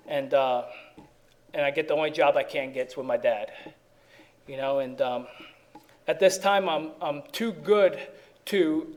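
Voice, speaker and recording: This man's fairly high-pitched voice carries a meandering, self-deprecating account shared at a recovery meeting, full of false starts.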